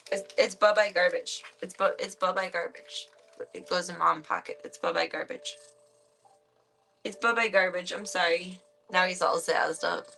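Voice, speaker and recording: A woman's voice: lowish voice, sharp tone. A woman streamer chatting casually at home, fussing over her pet in doting, playful baby talk and laughing often.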